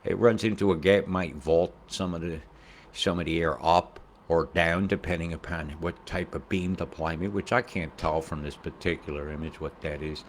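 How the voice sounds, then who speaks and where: A man's voice: deep voice, steady tone, moderate pace, a little hiss or hum. A man giving casual weather commentary over satellite images, rambling, profane and conspiratorial.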